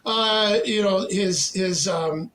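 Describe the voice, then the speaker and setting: High-voiced man telling stories. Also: slow pace, over a noisy crowd. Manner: animated anecdote-telling, profane. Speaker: podcast guest, former hockey player. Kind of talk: casual storytelling.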